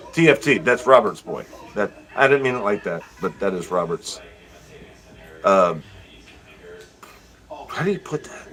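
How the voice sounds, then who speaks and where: A man hosting a livestream, reading chat comments aloud and teasing viewers in a profane, joking way, swinging from loud bursts to low mutters. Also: rough recording.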